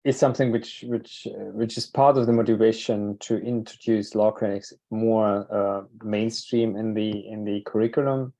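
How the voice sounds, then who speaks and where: A man moderating an online training panel over a video call. He speaks haltingly, often restarting his sentences. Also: on the low side, steady tone, mellow. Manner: halting, many fillers and restarts.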